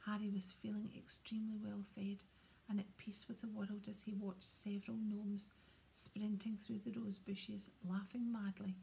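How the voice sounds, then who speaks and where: Woman whispering a storybook, gravelly hush. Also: medium pitch, normal speed, slight background noise. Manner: steady, hushed whisper. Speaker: audiobook reader. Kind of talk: whispered audiobook narration.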